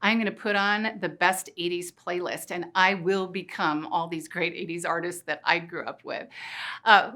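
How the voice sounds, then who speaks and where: A middle-aged woman giving an energetic motivational talk, playful and full of rhetorical questions. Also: fairly low pitch. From Missouri. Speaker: keynote speaker. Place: conference stage.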